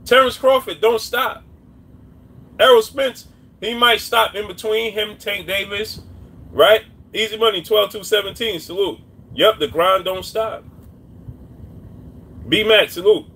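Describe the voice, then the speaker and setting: A man doing boxing commentary on a live stream, talking casually and repeating his points while shouting out viewers' names. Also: high-pitched, unhurried, long pauses, breathy edge. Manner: repetitive, shouts out chat names.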